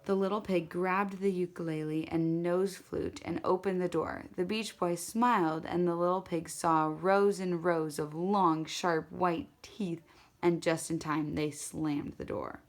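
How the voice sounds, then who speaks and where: A woman telling a children's story aloud, animated, with small slips and restarts. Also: lowish voice, unhurried. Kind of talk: storytelling to an audience.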